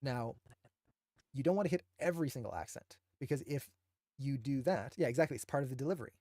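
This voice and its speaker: A man's voice: mid-range voice, fast, warm tone, no room sound, clean studio sound. A man who teaches animation, enthusiastically breaking down shots with emphatic, admiring commentary.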